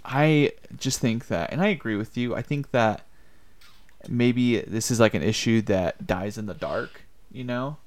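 A man's voice: medium pitch, unhurried. Earnest young man, casual podcast chat. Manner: earnest, rambling, acts out quoted lines. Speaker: podcast co-host.

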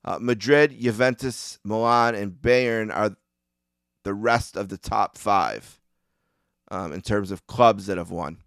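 A man with a Western New York accent hosts a sports podcast on his own, rambling and poking fun at himself between ums and uhs. His voice is smooth and clear and sits a little low. He is recorded dry and close, with no room sound. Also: slow, fairly bright tone, dry recording. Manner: rambling, self-deprecating, frequent ums and uhs. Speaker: podcast host. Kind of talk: casual solo monologue.

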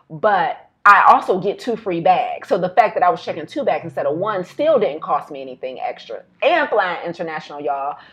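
Woman vlogger telling a story, lowish voice, lively, laughs a lot, says y'all. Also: highs cut off. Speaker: health educator and vlogger. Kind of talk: casual storytelling to camera.

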